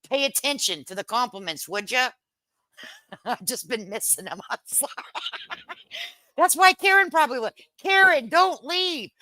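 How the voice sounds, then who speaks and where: Lively brash middle-aged woman livestreamer. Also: on the low side, no echo. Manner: brash and joking, swears casually, laughs often. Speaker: livestream host. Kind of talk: casual livestream chat reading viewer comments.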